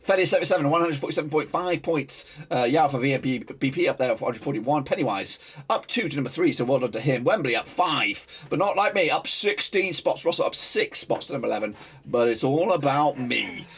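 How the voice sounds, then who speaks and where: A man hosting a football prediction channel, chatting casually to viewers, boastful and hyped, swinging between loud gloating and quiet muttering. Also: mid-range voice, expressive, fairly quick, husky. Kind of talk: excitable casual chat to viewers.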